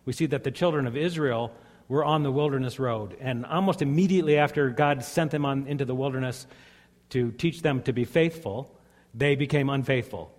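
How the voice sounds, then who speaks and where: A man's voice: mid-range voice, a little fast, a little mellow. A man preaching a sermon as a pastor, earnest and conversational, telling stories to his congregation. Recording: long hall reverb.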